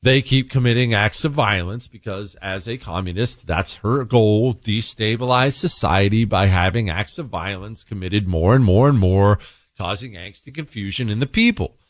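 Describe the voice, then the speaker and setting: A man's voice: on the low side, moderate pace, no room sound. A man hosting a talk radio show, delivering an opinionated monologue in a blunt, emphatic and sarcastic way into a close studio mic.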